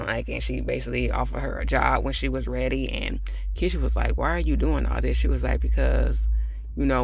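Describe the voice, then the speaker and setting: A man's voice: mid-range voice, creaky, dry recording, studio quality. A man casually recapping a TV episode in a rambling, easygoing way, with plenty of fillers and laughing at the characters. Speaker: TV episode reviewer.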